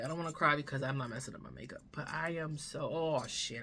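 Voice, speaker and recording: A woman's voice: low voice, fast talker, few pauses, bright, forceful tone, slight background noise. A woman beauty vlogger talking to camera from her home, earnest and candid, swearing freely and sometimes dropping to a whisper. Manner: emotional, drops to a whisper at times. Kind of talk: candid life-update chat to camera. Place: home room, seated in front of camera.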